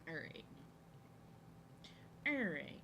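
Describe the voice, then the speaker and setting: A woman's voice: deep voice, very animated, very slow, noisy background. A young woman chatting casually to her live-stream viewers while she draws, often saying her lines twice. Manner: chatty, repeats herself, greets viewers. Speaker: art streamer.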